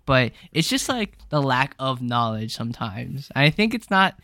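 A young man from the Bay Area co-hosts a casual podcast in a bright, forward voice at middle pitch. He talks playfully, laughs a lot and leans on "like," recorded close and dry. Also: big pitch swings, a little slow, no room sound. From San Francisco Bay Area. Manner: laughs often, playful, filler-heavy. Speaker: podcast co-host. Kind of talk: casual chat.

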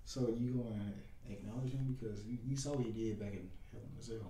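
A man co-hosting a casual podcast, tossing in short jokes and quick remarks. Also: fairly low pitch, steady tone, warm tone. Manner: joking, short interjections. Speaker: podcast co-host. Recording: echoey, from far off the mic.

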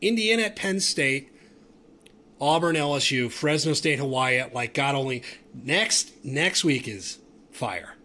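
A man co-hosting a casual sports podcast, excitable and animated, with stammering restarts. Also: mid-range voice, a little slow. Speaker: podcast co-host.

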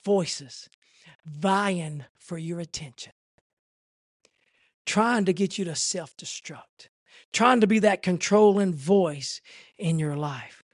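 A man preaching a sermon in an impassioned, repetitive way that swells toward near shouting. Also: high voice, slow pace, pauses often, no room sound, clean studio sound.

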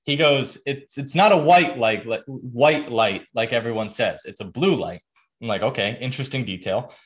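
A man's voice: mid-range voice, normal speed. A young adult man hosting a podcast, telling a story in a casual, earnest way with lots of fillers and restarts. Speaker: podcast host.

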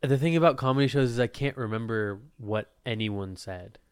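A young man hosts a laid-back podcast with friends. His voice is smooth and clear, and the room sounds dry and close. He rambles, trails off mid-thought and drops casual swears. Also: medium pitch, moderate pace, a little mellow, dry recording. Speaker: podcast host. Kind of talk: casual chat.

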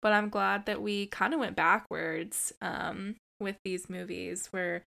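A woman's voice: medium pitch, steady tone, slow, vocal fry, bright, forceful tone. A woman co-hosting a horror podcast, chatting casually and enthusiastically, swearing now and then. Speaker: podcast co-host. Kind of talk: casual chat.

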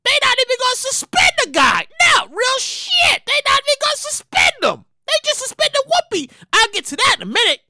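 A woman hosting her own show rants with indignant energy, her voice very high, bright and sharp, and it swings all over the place. She swears, repeats herself and keeps circling back to her point. The sound is dry and close. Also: huge pitch swings, fairly quick, few pauses, dry recording. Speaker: show host. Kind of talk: ranting commentary.

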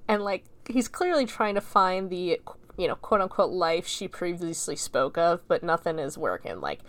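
A woman's voice: lowish voice, expressive, moderate pace, no room sound. A woman reviewing a film in a casual spoken recap, chatty and rambling, with constant "like" fillers and frequent swearing.

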